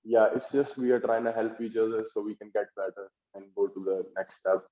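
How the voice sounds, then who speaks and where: Lively young man, echoey lo-fi. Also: lowish voice, brisk. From India. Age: young adult. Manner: animated storytelling, acts out teammates' lines, frequent "like". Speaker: guest, student basketball player. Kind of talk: casual interview chat. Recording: dull lo-fi sound in a roomy space.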